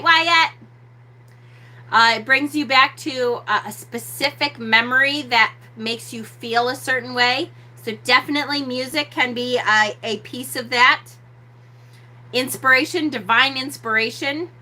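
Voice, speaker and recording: Slow, bright-voiced woman host. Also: sits high. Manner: slow, drawn-out, repeats key words. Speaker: host of a witchcraft channel. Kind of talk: live-stream teaching, answering chat.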